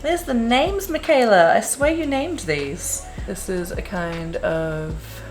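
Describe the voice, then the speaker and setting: A woman's voice: medium pitch, slow pace, faint music behind, poor audio. A woman chatting casually as she unboxes and reviews a makeup collection, gushing and self-deprecating. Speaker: beauty vlogger.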